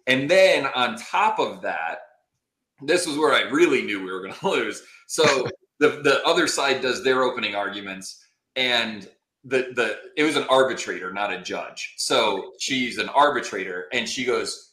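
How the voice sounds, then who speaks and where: A man guesting on a podcast, telling a story in animated, exasperated casual chat and swearing freely. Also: mid-range voice, normal speed, reverberant.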